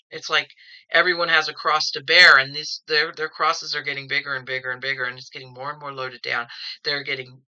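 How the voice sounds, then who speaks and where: A woman's voice: low-pitched, sharp tone, lo-fi sound. A woman giving a casual tarot reading at home, rambling and opinionated, often repeating words as she thinks. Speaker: tarot reader.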